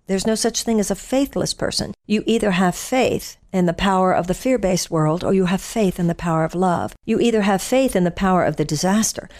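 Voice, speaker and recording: A woman's voice: medium pitch, darkish tone. Woman giving an earnest inspirational radio talk. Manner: earnest, emphatic storytelling with repetition. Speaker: spiritual speaker giving a daily inspirational message.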